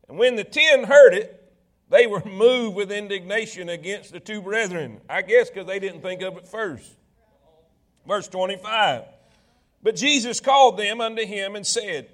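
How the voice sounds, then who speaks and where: A man's voice: high voice, moderate pace, a bit bright. A man preaching a sermon in a church sanctuary, reading old scripture aloud and breaking off for folksy asides to the congregation. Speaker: pastor.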